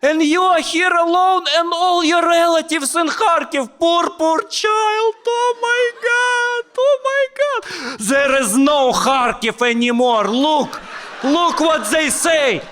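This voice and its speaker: A man voicing a frantic, doom-mongering old woman who wails and shouts in panic. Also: very high-pitched, expressive, takes it slowly, pitched above the performer's own voice, heavily acted. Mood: wailing. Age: older.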